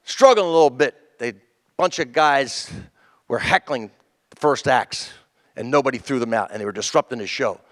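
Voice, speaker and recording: A man's voice: medium pitch, normal speed. Comedian man telling stories in a big reverberant room. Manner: animated, acts out the people in his stories. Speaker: comedian telling a tribute story. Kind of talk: stand-up storytelling. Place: comedy club stage. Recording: long hall reverb.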